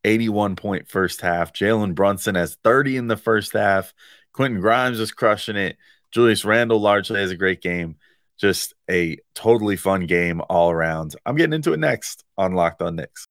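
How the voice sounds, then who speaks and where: A man hosting a solo sports podcast in a loose, excited, slangy way, dropping fillers like "man" and "like". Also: on the low side, normal speed, dry recording, studio quality. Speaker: podcast host and site editor.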